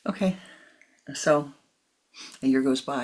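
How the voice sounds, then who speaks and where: A woman spiritual teacher speaks in a low, husky voice. She tells a personal story, often sinking into soft whispered asides. She acts out the dialogue of the people in the story with feeling. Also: normal speed. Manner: acts out quoted dialogue expressively.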